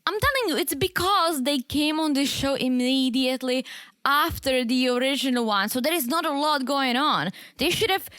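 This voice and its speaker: Female podcast co-host, a bit high-pitched, opinionated, dry close mic. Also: moderate pace, fairly bright tone, no room sound. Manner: opinionated, laughs easily. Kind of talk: casual recap chat.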